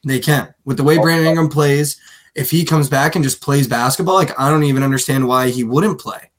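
A man co-hosting a sports podcast in casual, animated chat, swearing freely and mimicking players. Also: mid-range voice, fairly quick. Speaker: podcast co-host.

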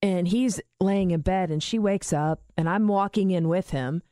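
A woman in her forties telling a story in casual podcast chat, animated and swearing freely. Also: on the low side, normal speed, no room sound, clean studio sound. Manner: animated, acts out voices in quotes, swears freely.

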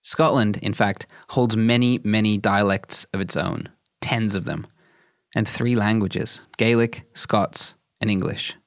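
A man reading scripted narration for a podcast in a smooth, fond way. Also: fairly low pitch, fairly even intonation, measured pace, no echo, studio quality.

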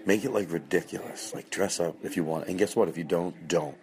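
Deep-voiced man rambling and joking. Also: fairly quick, darkish tone. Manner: loose and joking, breaks into high mocking voices for bits. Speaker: podcast host. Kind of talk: casual rambling monologue.

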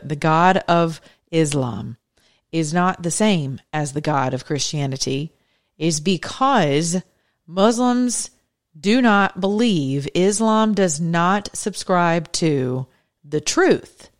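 A woman hosting her own podcast, giving earnest, conversational religious commentary in a preacherly way. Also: low-pitched. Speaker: podcast host.

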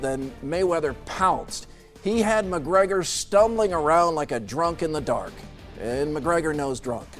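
High-voiced wry sports host man. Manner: wry, punchy opinion delivery. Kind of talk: scripted sports commentary.

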